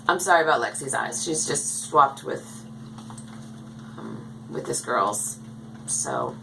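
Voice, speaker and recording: A woman's voice: low-pitched, creaky, fairly bright tone, a little hiss or hum, low-quality recording. A woman chatting casually to the camera in a rambling way as she shows her dolls at home. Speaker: doll collector vlogger. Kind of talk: casual chat. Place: home, indoors.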